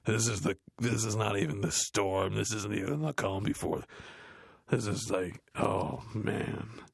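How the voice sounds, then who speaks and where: An actor playing a dim, gruff heavy metal frontman, reading a book aloud in a deadpan, grumbling, dismissive way, with a gravelly, growly voice. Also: lowish voice, unhurried, no echo, studio quality, full character voice. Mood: bored grumbling. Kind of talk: comedic audiobook reading.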